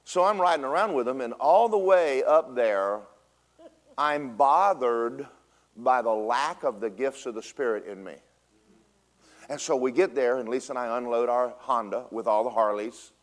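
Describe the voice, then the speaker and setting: A male pastor preaches a storytelling sermon in a church. His voice sits in the middle of the range. He swings from loud, punchy bursts to quiet, drawn-out lines. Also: medium pitch. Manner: animated storytelling with big swings in loudness, drops to a hush. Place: church sanctuary.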